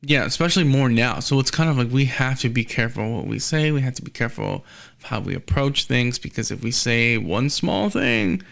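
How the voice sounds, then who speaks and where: Gravelly-voiced man telling a story. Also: mid-range voice, expressive, fairly quick, fairly bright tone. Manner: rambling storyteller, acts out quoted exchanges. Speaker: podcast host. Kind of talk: casual conversation.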